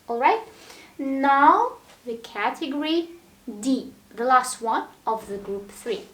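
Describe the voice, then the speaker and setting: A woman teaching English verbs, saying each form slowly and clearly and often checking in with the learner. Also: sits high, animated, a bit bright, roomy sound. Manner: drills verb forms one word at a time, checks in with "all right?". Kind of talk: slow, deliberate language lesson.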